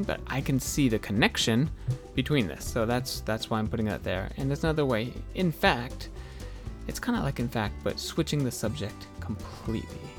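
A man giving a casual spoken English lesson, explaining vocabulary in a relaxed, chatty way with many fillers. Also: mid-range voice. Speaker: English teacher.

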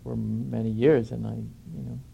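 A man reflectively recalling his past, speaking thoughtfully with many pauses. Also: mid-range voice, fairly even intonation, creaky, muffled recording, slight background noise. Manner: thoughtful, halting with fillers. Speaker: former draft resistance organizer. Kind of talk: reflective reminiscing.

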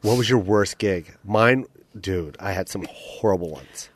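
A man in his thirties hosting a casual comedy podcast, laughing easily, egging on his guest and telling animated road stories. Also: deep voice, a little slow, no echo.

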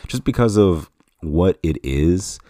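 Very deep-voiced man, dry sound. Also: lively intonation, takes it slowly, mellow, no room sound. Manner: rambling, self-correcting, chuckles often. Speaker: podcast host. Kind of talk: casual game retrospective commentary.

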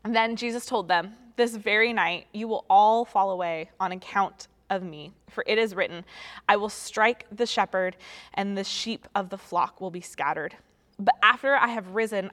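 A young woman giving a casual, chatty Bible teaching with animated storytelling and playful asides. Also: mid-range voice, moderate pace, big-room sound.

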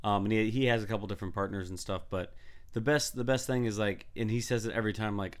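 Male podcast co-host with a cold, low and clean-toned, rambling storyteller. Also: steady tone, fast, smooth. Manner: rambling storyteller, acts out quotes. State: congested, raw throat. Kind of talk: casual chat.

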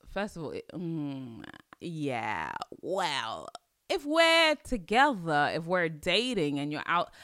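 A woman's voice: low voice, a bit bright, no echo, studio quality. A middle-aged woman with an East London Cockney accent, talking casually to camera in an emphatic way and laughing often. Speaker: vlogger.

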